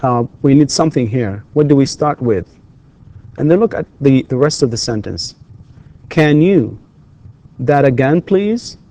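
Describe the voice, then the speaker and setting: A man's voice: mid-range voice, moderate pace, dark tone. A man lecturing an English class, patiently repeating words and prompting students with questions.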